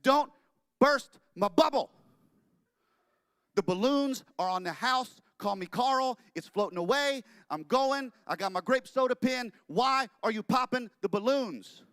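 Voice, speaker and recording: Man doing a high-pitched, loud, manic young cartoonist, begging to be believed, dry sound. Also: lively intonation, moderate pace, no echo. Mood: frantic. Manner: shouting, breathless, over-the-top pleading. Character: frantically excited young male cartoonist pitching an idea.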